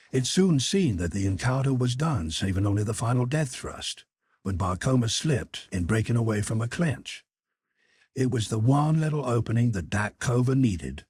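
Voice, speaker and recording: Husky male audiobook narrator. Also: mid-range voice, darkish tone, no room sound, studio quality.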